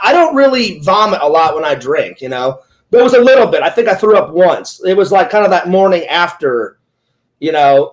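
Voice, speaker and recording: High-voiced man in his forties, rambling. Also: poor audio. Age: 40s. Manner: rambling retelling full of "he goes" quotes. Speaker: interviewer and streamer. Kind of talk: casual storytelling in an interview.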